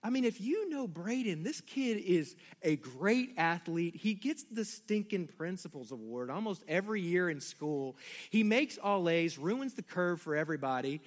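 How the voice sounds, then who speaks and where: Speaking at normal speed in a voice that sits high, a middle-aged pastor delivers a sermon. Animated, he shares stories about his family and talks directly to the people in his congregation.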